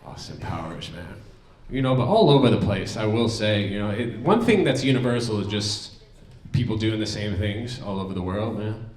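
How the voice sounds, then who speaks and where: A young man from New Jersey doing a loud, animated stand-up comedy set in a banquet hall. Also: on the low side, moderate pace, recorded from a distance. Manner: loud, animated, puts on silly accents. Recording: echoey hall, from off the mic.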